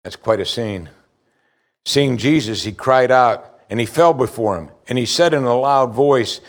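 A male pastor preaches with emphatic delivery. His voice sits at a middle pitch, and it rises in loud stresses before dropping to quiet, low asides. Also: animated, unhurried, pauses often. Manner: emphatic preaching, rising and falling in volume. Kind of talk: sermon.

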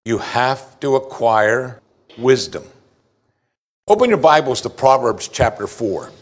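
A middle-aged man preaching a sermon as pastor, earnest, and he slows down to stress key words. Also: medium pitch, lively intonation.

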